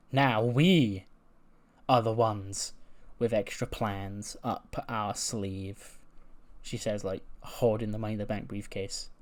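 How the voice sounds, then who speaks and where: A man's voice: mid-range voice, lightly acted. A man voicing a scheming woman wrestler taunting a rival in his own voice.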